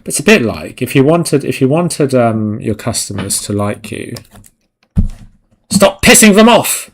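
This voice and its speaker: Guy streaming while he paints, gravelly voice, rambles and swears a lot. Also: mid-range voice, expressive, normal speed. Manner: rambling, sweary, self-mocking. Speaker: digital art streamer. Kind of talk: casual live-stream chat while painting.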